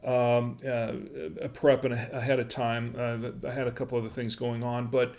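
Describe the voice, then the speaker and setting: A man's voice: medium pitch, little pitch movement, normal speed, darkish tone. A man hosting a casual wine-tasting livestream from home, rambling with lots of fillers and restarts, friendly and chatty with his viewers. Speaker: wine review livestream host. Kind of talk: casual live-stream chat.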